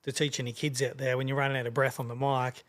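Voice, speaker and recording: An Australian man in his fifties, a rapper chatting casually as a podcast guest, talking quickly and rambling. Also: mid-range voice, flat delivery. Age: 50s. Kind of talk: casual chat.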